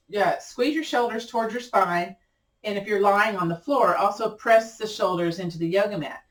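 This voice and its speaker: Lady yoga teacher talking a class through moves, keeps repeating squeeze and release, a bit of a crack in her voice, echoey room, mic kinda far. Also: mid-range voice. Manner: encouraging, chatty, repeats cues. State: voice cracking a little. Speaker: yoga instructor. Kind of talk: guided yoga class instruction.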